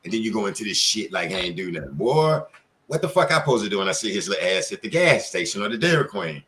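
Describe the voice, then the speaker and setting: A man's voice: lowish voice, big pitch swings, quick pace, a bit bright. Male panel host, blunt and profane, rambling heated talk over an online call.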